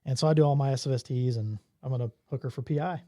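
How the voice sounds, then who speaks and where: A man, a police officer, telling stories from his career in a brisk, matter-of-fact way, with the odd chuckle. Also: mid-range voice, mellow, no echo, clean studio sound. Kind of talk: casual storytelling.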